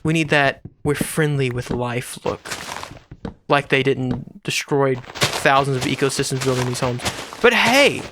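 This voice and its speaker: A man's voice: medium pitch, expressive, a little slow, noisy background. A man hosting his own gaming channel, giving casual, rambling, jokey commentary to himself while he builds in a game.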